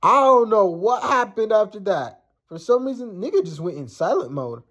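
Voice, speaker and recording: A man's voice: high-pitched, big pitch swings, normal speed, a bit bright. Young man telling a blunt storytime. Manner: profane, blunt, rambling with many fillers. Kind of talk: casual storytime.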